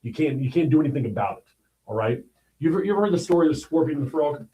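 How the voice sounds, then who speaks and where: A man's voice: on the high side, animated, very fast, muffled recording. Blunt, emphatic male news commentator. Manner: blunt and emphatic, with repeated "all right?" asides. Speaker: livestream host.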